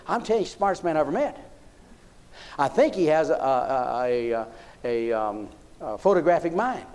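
A man preaching a sermon in a folksy, animated manner. His voice sits high for a man and swings widely in pitch. He keeps checking in with the congregation. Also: moderate pace.

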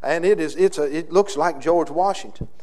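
High-voiced emphatic Southern US pastor. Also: male voice. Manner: emphatic, swings between loud declarations and quiet slowed phrases. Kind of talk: sermon.

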